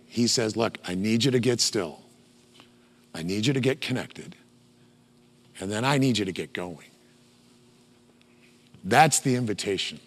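A man's voice: on the low side, creaky, husky. A middle-aged man preaching a sermon as pastor, telling a story with lots of ums and uhs and acting out quotes. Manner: storytelling with acted quotes and many fillers.

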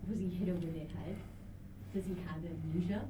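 A woman's voice: on the low side, steady tone, fairly quick, dark tone, breathy edge, poor audio. A young woman co-hosting a student radio show in casual chat, giggly and playful with mock-dramatic outbursts. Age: young adult.

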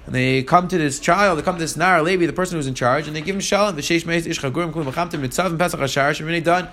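A man's voice: on the high side, fast, a bit bright. A man teaching a verse-by-verse text lesson, reading Hebrew verses aloud and then retelling them in casual English. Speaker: Torah teacher.

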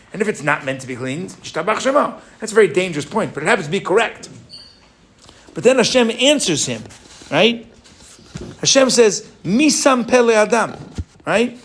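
A man with a fairly high-pitched voice teaches a Torah class animatedly. He asks his students rhetorical questions and mixes Hebrew phrases into his English.

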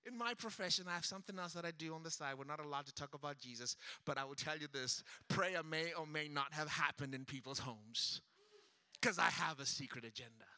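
A man preaching a sermon as pastor, swinging between loud shouted passages and hushed near-whispers and acting out quoted voices. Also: fairly high pitch, a little fast, no room sound.

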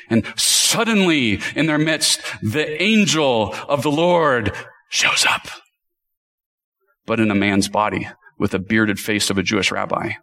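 A man's voice: fairly low pitch, fairly bright tone, poor audio. Passionate man preaching a sermon. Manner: earnest and passionate, with sudden speed-ups and slow stresses; chatty asides to the congregation. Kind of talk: expository sermon.

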